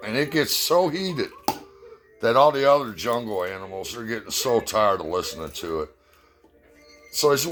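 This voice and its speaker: Blunt, lively American man ranting. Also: medium pitch, normal speed, a little hiss or hum. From United States. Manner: blunt, profane, animated. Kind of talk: casual opinion rant.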